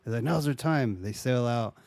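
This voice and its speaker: Laid-back swearing guy with a mellow voice. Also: medium pitch, moderate pace, creaky, no room sound. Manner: laid-back, swears often, acts out quotes. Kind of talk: casual chat retelling a movie.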